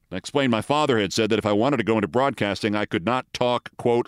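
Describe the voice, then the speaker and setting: A man in his sixties from the Bronx, with no regional accent, telling a scripted story as a host in a wry, deliberate manner. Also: fairly low pitch, smooth, no room sound, studio quality. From the Bronx, New York. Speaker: host, commentator.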